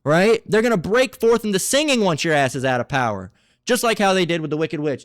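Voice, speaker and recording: A man preaching from scripture, reading verses aloud and breaking into halting, combative and mocking commentary with profane asides. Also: on the high side, expressive, dry recording, clean studio sound. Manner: halting, many restarts between readings.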